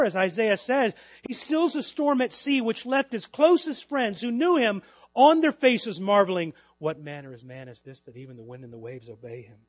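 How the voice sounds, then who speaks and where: A middle-aged male pastor with a fairly high voice delivers a sermon in church. He rises to loud, emphatic lines and then drops to quiet, slowed phrases. The recording is dry and close, with a faint mains hum underneath. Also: no echo. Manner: preaching with swings between loud emphasis and quiet, drawn-out lines.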